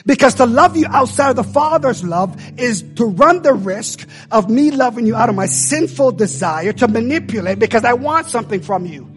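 A man's voice: extremely high pitch, animated, moderate pace, few pauses, faint music behind. A man preaching an impassioned sermon, urging his congregation on with repeated calls.

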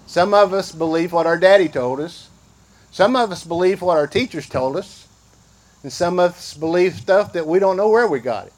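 A man's voice: high-pitched, darkish tone. An older man, preaching a sermon in a folksy, conversational way. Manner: slow and drawn out. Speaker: pastor.

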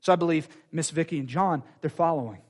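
A man preaching a sermon in a church, animated, repeating phrases and acting out quoted voices. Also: a little high, fast talker. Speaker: pastor. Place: church sanctuary.

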